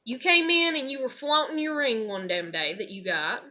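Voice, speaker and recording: A woman's voice: fairly high pitch, normal speed, bright, forceful tone. A woman telling a rambling, profane personal story in a heated rant. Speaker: vlogger.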